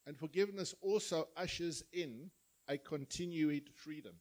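A man's voice: fairly high pitch, normal speed, rough recording. A man preaching a sermon, telling parables and acting out the voices of their characters. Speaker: pastor. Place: church.

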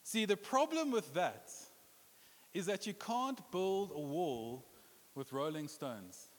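A pastor with a high, sing-song voice takes his time delivering a sermon, joking playfully and slipping into put-on voices and accents when quoting. He speaks to a congregation in a church hall, and the recording carries a long hall reverb.

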